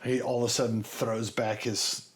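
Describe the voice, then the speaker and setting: A man from north central Kansas co-hosting a podcast, explaining in a lively, joking manner. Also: mid-range voice, normal speed, slight background noise. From north central Kansas, USA. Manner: animated, explains with asides and jokes. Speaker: podcast co-host. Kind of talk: casual chat.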